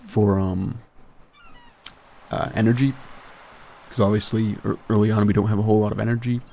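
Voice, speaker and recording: A man's voice: fairly low pitch, vocal fry, darkish tone, a little hiss or hum. A young man streaming a video game, chatting casually with rambling, self-deprecating asides and frequent chuckles. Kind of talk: casual gameplay commentary.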